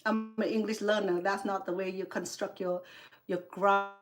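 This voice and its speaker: A woman's voice: mid-range voice, flat delivery, moderate pace, faint music behind. Woman scolding a viewer. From Cambodia. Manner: scolding, sarcastic, heated. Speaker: cooking livestream host. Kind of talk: angry livestream rant at a viewer.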